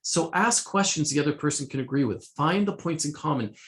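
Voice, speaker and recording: A man's voice: on the high side, brisk, fairly bright tone. A middle-aged man presenting a conversational lesson summarizing a self-help book, quoting passages and restarting phrases as he talks. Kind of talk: casual spoken lesson.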